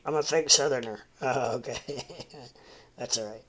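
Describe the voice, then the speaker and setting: A man's voice: medium pitch, unhurried, fairly bright tone, slight background noise. A man in his forties from the Midwest, rambling casually at home as host of a livestream and answering chat. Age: 40s.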